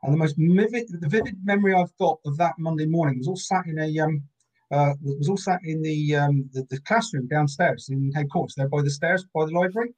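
A man's voice: fairly high pitch, fairly quick, darkish tone, poor audio. A Cornish man in his fifties, a guest recalling details precisely, with many hesitant fillers. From Cornwall, England. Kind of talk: casual chat.

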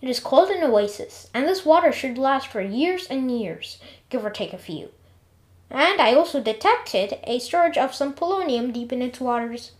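A woman voicing a calm, matter-of-fact female robot computer who explains and lightly scolds. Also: high-pitched, normal speed, voice pushed up. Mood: informative.

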